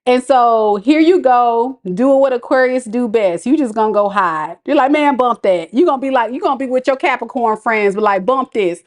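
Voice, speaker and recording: A woman's voice: on the high side, a little fast, hardly any pauses, darkish tone. A woman giving a casual tarot reading to her viewers. She talks to them directly in a chatty, playful way and often laughs at her own jokes. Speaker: tarot reader.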